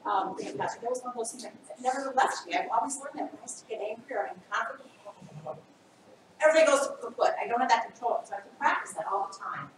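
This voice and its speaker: Woman, 50s, workshop presenter, lively and acts out examples; slightly high voice, recorded from far off in an echoey room. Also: fast, background noise. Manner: animated, acts out scenarios. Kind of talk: training workshop talk. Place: school training room.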